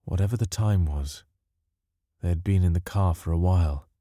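A man reads a story in a calm, measured and dryly wry way. His voice sits low and mellow, and the recording is dry and close. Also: no room sound. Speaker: narrator. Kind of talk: audiobook narration.

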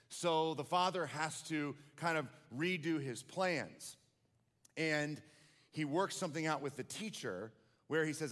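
A male pastor preaches a sermon, telling a story and then pressing his listeners with passionate questions. His voice sits fairly high. A long reverb from a large hall follows his words. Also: unhurried, fairly bright tone.

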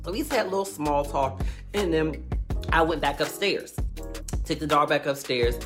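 Low-voiced woman telling a casual story over music. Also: normal speed. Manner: chatty, rambling, many fillers and restarts. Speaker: livestream host telling a story. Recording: music playing in the background.

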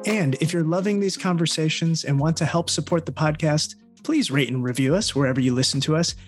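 A man's voice: fairly high pitch, a little fast, music in the background. A man co-hosting a podcast, asking a guest questions and thanking listeners in a friendly way. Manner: friendly, encouraging. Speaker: podcast co-host.

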